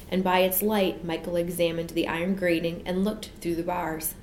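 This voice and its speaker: A woman narrating a children's story in an expressive, measured way. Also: lowish voice. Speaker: audiobook narrator. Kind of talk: storybook reading. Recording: echoey room with faint hiss.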